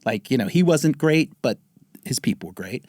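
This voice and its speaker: A man in his fifties from the Bronx, a guest telling his family story in a casual interview, lively and acting out what others said. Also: moderate pace, dry recording, studio quality. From the Bronx, New York. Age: 50s. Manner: animated storyteller, acts out quotes with pitch jumps. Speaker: guest, TV writer.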